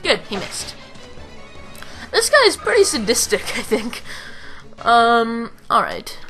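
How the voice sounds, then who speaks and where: A woman's voice: fairly high pitch, big pitch swings, slow, pushed and bright, soft background music. A young woman chatting casually as she plays through a video game, now and then reading the characters' lines aloud in put-on voices. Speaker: let's play commentator. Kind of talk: casual game commentary with dialogue read aloud.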